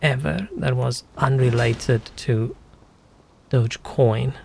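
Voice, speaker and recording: Gravelly man streaming games. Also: medium pitch, fairly even intonation, slow, slight background noise. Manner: musing, chatty, wanders off on tangents. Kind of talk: casual gameplay commentary.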